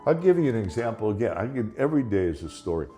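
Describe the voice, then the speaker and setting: A man's voice: on the low side, very animated, fast, dark tone, faint music behind. A man telling stories in a casual conversation, laughing often and acting out the voices in his anecdotes.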